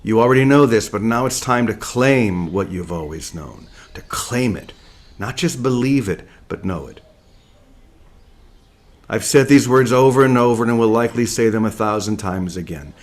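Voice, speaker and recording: A man from Oregon giving a slow, deliberate spiritual talk to his community and repeating key phrases. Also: fairly low pitch, animated. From Portland, Oregon, USA. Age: young adult. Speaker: spiritual teacher. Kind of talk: spiritual talk to an online group.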